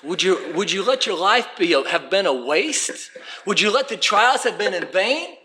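High bright-voiced preacher. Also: male voice, lively intonation, normal speed, slight background noise. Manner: reads scripture aloud, rising to emphatic calls. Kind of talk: sermon.

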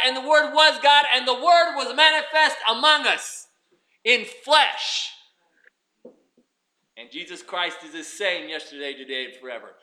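High, bright-voiced male preacher. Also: lively intonation, unhurried. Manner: preaching with swings from loud to hushed. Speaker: pastor. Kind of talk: sermon.

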